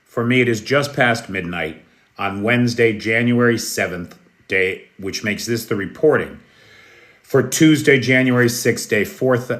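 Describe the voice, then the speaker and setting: A man from the United States hosting a live news stream, speaking in a slow, measured, friendly way and greeting chat viewers by name. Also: on the low side, a bit bright. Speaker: news livestream host. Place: Kyiv, Ukraine.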